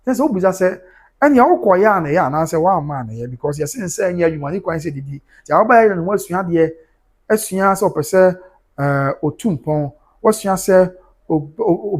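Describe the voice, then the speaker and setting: A man's voice: on the high side, darkish tone, breathy edge. A man with a Ghanaian accent hosting a livestream, praying and reading viewer comments aloud, switching between Twi and English. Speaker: livestream host.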